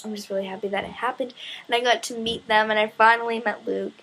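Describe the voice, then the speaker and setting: A young woman in her teens excitedly retelling a story in a casual vlog, gushing and full of "like" fillers. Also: fairly high pitch, fast, a little hiss or hum.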